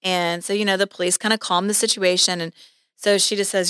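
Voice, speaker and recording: A woman's voice: medium pitch, a little fast, smooth, no room sound, studio quality. A woman real estate agent telling a story in a casual podcast chat, acting out the voices of the people in it. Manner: animated, acts out quoted voices.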